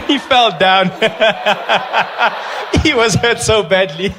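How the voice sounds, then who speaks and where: A man with a South African accent telling a story as a stand-up comedian, swinging between loud bursts and hushed asides. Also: sits high, very slow, noisy background.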